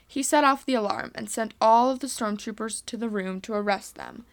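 A woman's voice: fairly high pitch, normal speed, gravelly. A woman earnestly reading a homemade space adventure story aloud.

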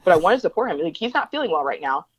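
A woman's voice: fairly low pitch, big pitch swings, rapid-fire, no echo, poor audio. A woman being interviewed, telling a story in an emphatic conversational way and acting out the voices of the people she quotes. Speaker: interview guest, diversity educator.

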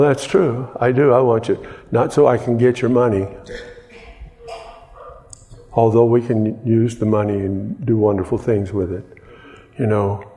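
A pastor preaching slowly and deliberately, his voice trailing off into the long reverb of a church hall. He talks conversationally, repeating and restarting phrases as he works through his point. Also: medium pitch, darkish tone. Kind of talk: sermon.

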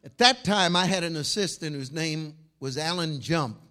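A man preaching a fiery sermon, telling a story and swinging from shouts to hushed tones. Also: on the high side, normal speed.

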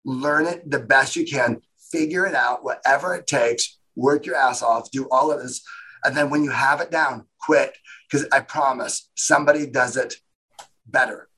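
A man speaks as an interview guest, his voice husky and a little breathy. He rambles through his story with animation and slips into the voices of the people in it. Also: mid-range voice, steady tone, normal speed, bright, forceful tone, low-quality recording.

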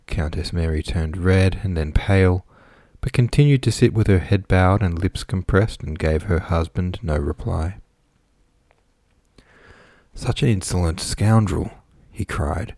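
Deep-voiced male audiobook narrator, measured reading, dry recording. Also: vocal fry, darkish tone, no room sound. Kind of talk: scripted narration of a classic novel.

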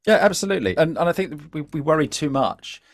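Animated man guest, dry close sound. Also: fairly high pitch, fast talker, dry recording. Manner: animated, lively, stumbling restarts. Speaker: podcast guest, LinkedIn trainer. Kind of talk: casual conversational interview.

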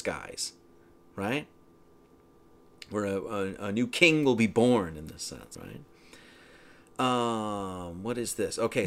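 A man's voice: medium pitch, a bit bright. A man giving a casual, rambling film commentary, full of "you know" and "right?".

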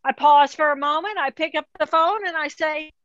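Woman guest, clear bright explainer, acts out thoughts in quotes. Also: high voice, normal speed, dry recording, dull audio. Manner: explains calmly, acts out inner voices in quotes. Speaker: author and neuroscientist guest. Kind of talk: interview conversation.

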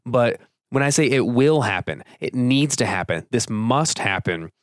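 A man's voice: mid-range voice, no echo, clean studio sound. A man hosting a solo podcast, explaining ideas in a loose, conversational way and acting out quoted phrases with big jumps in his voice. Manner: conversational, many fillers and asides. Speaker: podcast host. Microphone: close studio microphone.

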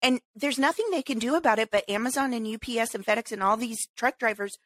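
A woman co-hosting a podcast, chatting casually and ranting in an exasperated, animated way. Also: on the high side, fast, no room sound. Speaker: podcast co-host. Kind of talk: casual chat.

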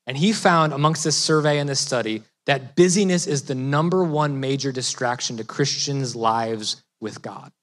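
A man's voice: medium pitch, moderate pace, few pauses. Man preaching in a reverberant hall. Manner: conversational preaching with rising emphatic peaks and restarts. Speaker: pastor. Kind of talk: sermon.

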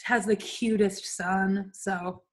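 A woman's voice: medium pitch, steady tone, takes it slowly. A young woman from California co-hosting a podcast, chatting casually, laughing often and swearing freely. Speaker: podcast co-host. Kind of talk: casual chat.

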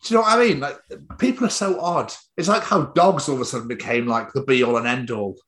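A British man hosting a podcast, bantering casually, swearing freely and acting out little everyday scenes in quick put-on voices. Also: medium pitch, a bit bright. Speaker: podcast host.

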